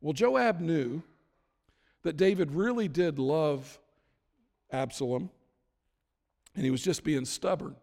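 Man, high-pitched, casual sermon storytelling, long hall reverb. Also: animated, slow, creaky, long pauses, a little mellow. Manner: casual retelling with acted-out quotes.

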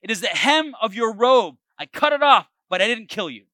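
A man's voice: high voice, very animated, normal speed, bright, forceful tone, no echo, exaggerated voice. A man reading as an earnest young fugitive warrior. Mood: earnest pleading. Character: young male fugitive warrior pleading with a king.

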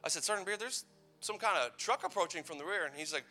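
A man's voice: a little high, expressive, brisk, pauses often, pushed and bright, faint music behind. A man in his thirties giving a playful, conversational youth sermon full of personal stories. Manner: playful, conversational, teasing asides. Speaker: youth pastor.

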